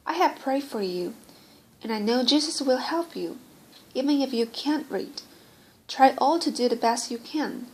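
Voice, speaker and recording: A woman reading the part of an earnest, gentle dying young girl in an audiobook, solemn and pleading. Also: sits high, animated, a little slow, slight background noise, poor audio.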